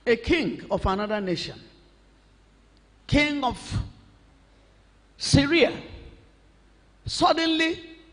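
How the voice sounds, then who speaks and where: A man preaching a sermon as pastor, rising at times to shouts. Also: extremely high pitch, sing-song, slow pace, pauses often. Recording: long hall reverb.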